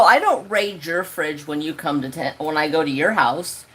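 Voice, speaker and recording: A man telling a story on his crafting livestream, talking casually from home. His delivery is animated and ranting, and he swears freely. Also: on the high side, moderate pace, hardly any pauses. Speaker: crafting channel host.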